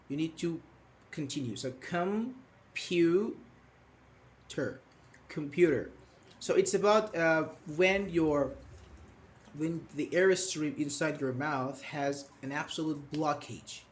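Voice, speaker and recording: Patient male English teacher, higher voice. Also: slight background noise. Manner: patient, questioning, repeats words slowly. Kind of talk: live online grammar lesson.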